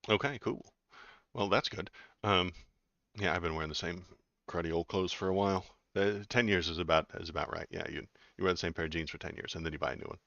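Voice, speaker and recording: Deep bright-voiced joking stream host. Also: male voice, quick pace, creaky, no echo, highs cut off. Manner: joking, rambling, self-mocking. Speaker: political livestream host. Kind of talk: casual livestream chat. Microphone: webcam setup.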